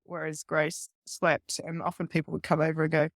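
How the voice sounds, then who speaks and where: A woman's voice: deep voice, normal speed, no echo, clean studio sound. A woman, a guest police detective, telling a story in casual talk and acting out the voices of the people in it. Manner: animated retelling, acting out quoted voices with laughs.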